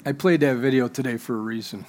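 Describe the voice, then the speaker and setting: A man's voice: mid-range voice, quick pace. Man preaching with emphatic repetition. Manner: joking asides to the congregation. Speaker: pastor. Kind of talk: sermon.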